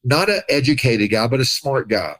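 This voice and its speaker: Animated man telling his story. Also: mid-range voice, normal speed, no room sound, low-quality recording. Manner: animated, acts out quoted voices, laughs often. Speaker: podcast guest. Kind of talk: casual storytelling.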